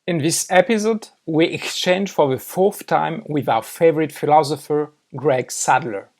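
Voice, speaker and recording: A man's voice: a little high, normal speed. Light-voiced man with a French accent. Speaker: podcast host. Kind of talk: casual chat and scripted show intro.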